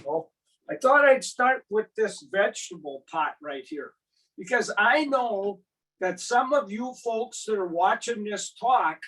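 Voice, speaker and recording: Older male gardening presenter, high voice, exuberant storyteller, a bit off-mic. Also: distant mic, low-quality recording. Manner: exuberant, animated storyteller with big vocal sound effects. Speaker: gardening speaker.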